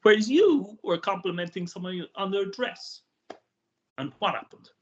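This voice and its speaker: A woman's voice: medium pitch, lively intonation, normal speed, a little mellow. A woman with an Irish accent interviewing a filmmaker at a festival, wry and joking. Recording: slightly muffled recording.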